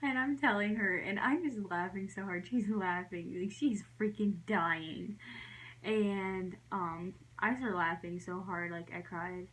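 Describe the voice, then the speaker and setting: A young woman telling a story in a casual vlog, rambling and giggling, with lots of fillers and soft whispered asides. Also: mid-range voice, unhurried. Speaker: vlogger.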